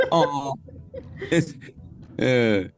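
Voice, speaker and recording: A man's voice: mid-range voice, wildly swooping pitch, drawn-out words, soft background music. A man, an actor and impressionist, chatting as an interview guest in a rambling, easygoing way with easy laughs. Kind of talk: casual interview chat.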